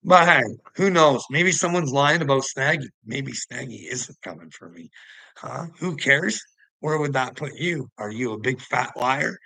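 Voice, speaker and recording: A man's voice: medium pitch, gravelly, bright, forceful tone, no echo, rough recording. A man rambling to his viewers in a casual monologue, preachy and taunting, jumping between topics and laughing to himself. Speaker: vlogger answering commenters.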